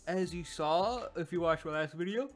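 A man's voice: a little high, moderate pace. A man casually reviewing a web comic, rambling and correcting himself as he goes. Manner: rambling, self-correcting, animated. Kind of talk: casual video commentary. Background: faint background music.

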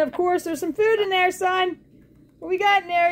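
A woman with a high voice unpacks new things for her pet bird at home. She coos at the bird in a sing-song baby-talk tone, then turns back to the viewers with calmer explanations. Faint household noise sits under her voice. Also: moderate pace. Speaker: pet bird owner filming her parrot. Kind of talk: casual home vlog.

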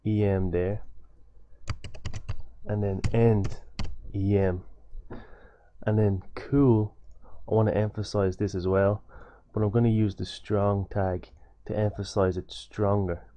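A man's voice: fairly low pitch, level tone, takes it slowly, warm tone. A young man giving a loose, repetitive coding tutorial over a screen recording, with many fillers and restarts.

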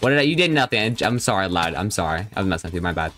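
A man's voice: low-pitched, sing-song, very fast, a bit bright, faint music behind. A young man live-streaming a game, chatting casually and joking as he reads and answers his viewers' chat.

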